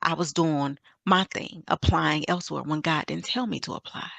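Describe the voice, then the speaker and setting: Woman with a gravelly, low voice. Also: steady tone, moderate pace, sharp tone, dry recording. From Michigan, US. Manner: earnest, faith-filled storytelling with acted dialogue. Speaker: summit speaker. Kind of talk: personal testimony talk.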